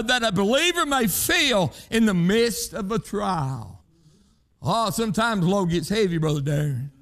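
A man's voice: very high voice, a bit bright. A man preaching a sermon in rhythmic, emphatic bursts, punctuated with "hey" and "huh" calls to the congregation, in plain country speech.

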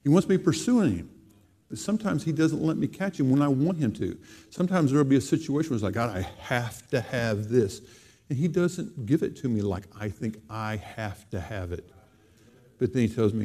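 A man delivering a sermon in a mellow, relaxed voice at a middle pitch. He drives his points home by repeating phrases and slowing down to lean on the key lines. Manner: emphatic, repeating phrases with slow stressed delivery. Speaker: preacher.

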